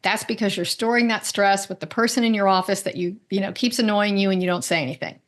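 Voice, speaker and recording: A woman with a mid-range voice speaks as an interview guest. She tells stories with energy, slips into other people's voices when quoting them, and keeps tossing in quick tag questions. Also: mid-range voice. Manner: animated storyteller, acts out quoted voices; frequent "right?" tag questions. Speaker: guest, medical intuitive. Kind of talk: conversational interview.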